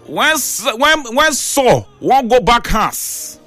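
A man's voice: very high-pitched, sing-song, takes it slowly, sharp tone, soft background music. A man with a Nigerian accent, preaching through Bible stories in a dramatic, playful, sing-song way. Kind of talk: animated Pidgin Bible storytelling.

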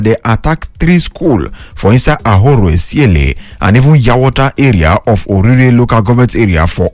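A Nigerian man with a Nigerian Pidgin accent reads the radio news in a brisk, chatty way. His voice sits at a middle pitch. The studio sound is dry and close. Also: darkish tone, dry recording.

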